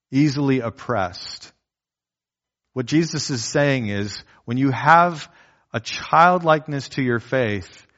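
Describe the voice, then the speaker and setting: A man's voice: mid-range voice, fairly bright tone. A man preaching a sermon as a pastor, earnestly laying out his points and repeating key phrases. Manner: earnest, repetitive teaching with enumerated points. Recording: dull lo-fi recording.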